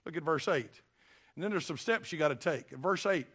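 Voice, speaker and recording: High-pitched older preacher, folksy and emphatic. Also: male voice, lively intonation, fairly quick, fairly bright tone, slightly rough. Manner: folksy, emphatic preaching with repeated calls to the congregation. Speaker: pastor. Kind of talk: sermon. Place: church sanctuary.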